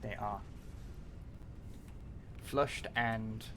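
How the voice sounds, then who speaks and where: A man's voice: lowish voice, steady tone, drawn-out words, sharp tone, slight background noise. A man, chatting casually on a gameplay livestream, thinking aloud with lots of fillers, restarts and offhand swearing. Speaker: livestreamer playing a factory-building game.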